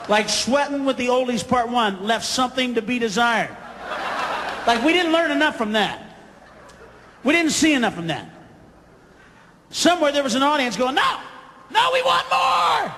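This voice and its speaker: A man's voice: very high voice, a bit bright, a little hiss or hum. A man doing a stand-up comedy routine, ranting profanely and breaking into sudden screams, recorded live on stage. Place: live club or theater stage with audience. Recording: live concert recording, hall reverb, faint crowd.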